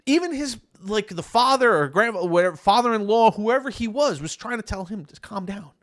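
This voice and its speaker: A man with a New York accent, co-hosting a casual podcast chat and telling a story with lively, acted-out quotes. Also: high voice, fairly quick, no room sound, clean studio sound. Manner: animated storyteller, acts out quoted lines loudly. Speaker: podcast co-host. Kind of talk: casual chat over beers.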